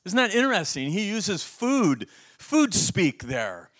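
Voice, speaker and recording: A middle-aged pastor with a high voice preaches slowly, telling stories with lots of animation. He keeps asking his listeners questions as he goes.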